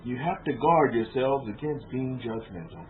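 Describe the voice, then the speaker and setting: A man's voice: medium pitch, lively intonation, moderate pace. A man giving a rabbi's informal sermon to a small group in a room, asking his listeners rhetorical questions and repeating words as he goes. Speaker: rabbi teaching a congregation. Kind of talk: conversational sermon lecture. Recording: tinny phone-like lo-fi with faint noise.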